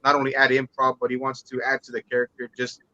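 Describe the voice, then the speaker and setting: A man's voice: mid-range voice, monotone, fast, pushed and bright, no echo, muffled recording. A man talking casually about movies as a podcast guest, rambling with restarts and some swearing.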